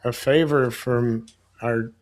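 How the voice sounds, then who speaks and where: A middle-aged man, a psychologist and author, speaking as a guest in a livestream interview over a video call, relaxed and jokey. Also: medium pitch, slow, a loud crowd.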